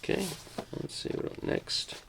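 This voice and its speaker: A man's voice: measured pace, noisy background. An older man hosting a casual unboxing, rambling through each item with self-mocking jokes and asides. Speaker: host reviewing a record box set.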